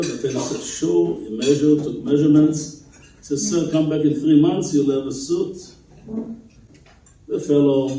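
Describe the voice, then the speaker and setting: A man gives a keynote talk as a rabbi, telling a story with lively emphasis and chuckles. His voice is mellow and a little high. It rings through a very echoey hall and is picked up from a distance. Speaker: rabbi giving keynote speech. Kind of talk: storytelling speech to an audience. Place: event hall in Israel. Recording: very echoey hall, speaker far from mic.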